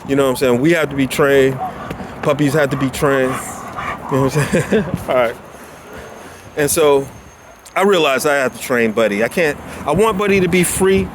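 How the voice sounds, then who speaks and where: Out walking his dog on a noisy neighborhood street with traffic, a man vlogs in a medium-pitched voice at normal speed, pausing often. His casual chat wanders as he frequently loses his thread, and he laughs often.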